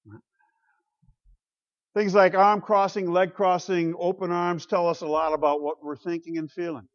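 A man's voice: high-pitched, normal speed, dull audio. A man preaching a sermon from the pulpit as pastor, talking conversationally and asking the congregation rhetorical questions. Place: church pulpit.

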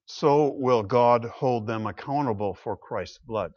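A man preaching a sermon, emphatic, swinging between loud exclamations and quiet low asides. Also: takes it slowly, highs cut off.

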